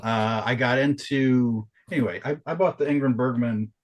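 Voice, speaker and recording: In casual podcast chat, a male co-host with a mid-range voice speaks at normal speed through lo-fi audio. His storytelling is animated, peppered with profanity and constant restarts.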